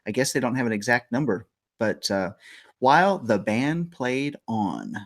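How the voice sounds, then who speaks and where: A man's voice: mid-range voice, big pitch swings, measured pace. Rambling, jokey middle-aged male host. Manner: jokey, rambling, laughs often. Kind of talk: casual morning show chat.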